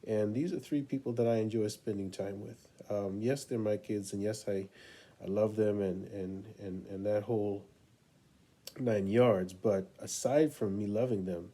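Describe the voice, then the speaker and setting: Relaxed low-voiced man coaching parents. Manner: relaxed and unhurried, with many pauses and ums. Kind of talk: casual storytelling talk to camera.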